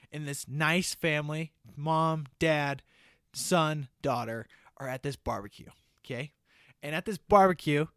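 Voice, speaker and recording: A man on a podcast pitching a movie idea like a comic storyteller, checking in with "okay?" after almost every phrase. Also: fairly bright tone, no echo, clean studio sound. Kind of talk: casual comedic pitch.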